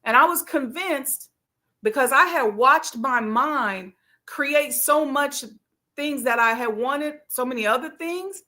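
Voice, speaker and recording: A middle-aged woman tells a personal story in a relaxed, conversational way, acting out her own inner voice. Her voice is bright and sits a little high, and fillers run all through her talk. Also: slow pace. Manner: casual, conversational with frequent fillers. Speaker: host, life coach. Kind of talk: storytelling monologue.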